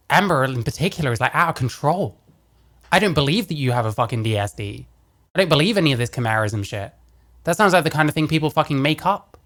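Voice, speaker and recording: A man's voice: medium pitch, a bit bright. A man with a mid-range voice talks back at a video in casual, profane commentary. He is blunt and combative, and his tone stays scornful throughout. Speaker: reaction commentator.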